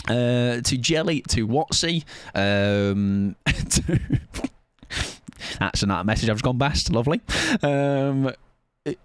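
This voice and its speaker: A young man chats loosely to his viewers at the end of a stream, rambling and poking fun at himself. His pitch swings widely as he lapses into sing-song goodnights. The sound is close and dry, with no room echo. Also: lively intonation, unhurried, clear, resonant tone. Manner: rambling, self-mocking, sing-song sign-offs. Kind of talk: casual end-of-stream chat.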